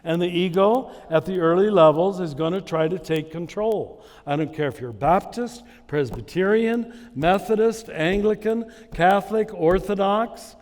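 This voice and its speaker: A man giving a spiritual conference talk to a live audience. He tells stories at an unhurried pace and chuckles at his own anecdotes. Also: sits high, a little mellow, in a large hall. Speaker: conference speaker. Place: large hall with a live audience.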